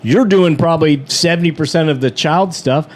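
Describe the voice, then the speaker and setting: A man's voice: on the high side, normal speed, darkish tone. A man co-hosting a podcast in casual chat, playful and jokey and laughing often. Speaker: podcast co-host.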